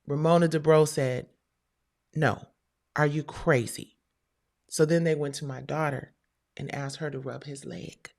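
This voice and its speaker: A middle-aged woman hosting her own show, telling a heated personal story to viewers, animated and profane, with quoted voices. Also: low voice, measured pace, creaky, pauses often.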